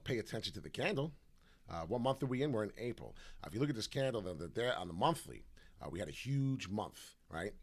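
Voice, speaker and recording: A man giving casual crypto chart analysis, loose and animated, tossing in "right?" constantly, his voice rough in the morning. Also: mid-range voice. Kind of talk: casual livestream chart talk.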